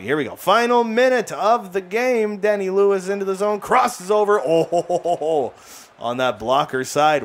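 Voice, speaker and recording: A young man hosting a gaming channel, giving excitable play-by-play that swings into rants and jokes. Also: medium pitch. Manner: excitable play-by-play, ranting and joking. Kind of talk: live gameplay commentary.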